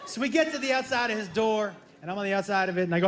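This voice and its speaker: High-voiced man doing stand-up comedy. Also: very fast. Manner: animated, acts out dialogue with shifting pitch. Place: comedy club stage. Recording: echoey club with crowd laughter.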